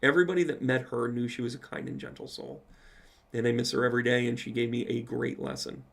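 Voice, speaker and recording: Gravelly-voiced guy, a medium telling a story on a live q&a, cussing as he goes. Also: mid-range voice, fast. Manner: animated storyteller, swears casually. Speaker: psychic medium.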